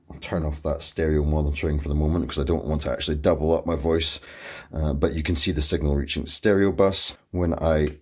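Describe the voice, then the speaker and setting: Deep-voiced man explaining gear. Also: a little mellow, husky. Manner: methodical, explains each control step by step. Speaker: tutorial host. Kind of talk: step-by-step equipment tutorial. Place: home studio with speakers.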